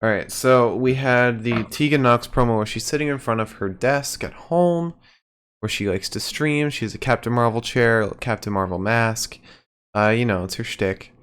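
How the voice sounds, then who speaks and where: A man co-hosting a podcast, recapping matches in relaxed, low-key casual chat with frequent fillers. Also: normal speed, clean tone. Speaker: podcast co-host.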